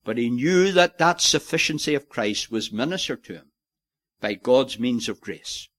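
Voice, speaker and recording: A male preacher delivering a sermon at an unhurried, deliberate pace. His voice sits at an ordinary pitch and swells to emphatic peaks on key phrases before dropping back. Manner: slow, earnest preaching that builds to emphatic peaks.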